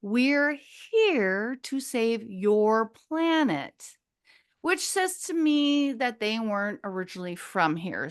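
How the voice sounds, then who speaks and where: A woman's voice: fairly high pitch, smooth. A woman in her fifties from Minnesota, a podcast guest telling a long personal story in a casual, chatty way, going off on tangents, swearing freely and laughing often. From Minnesota, USA.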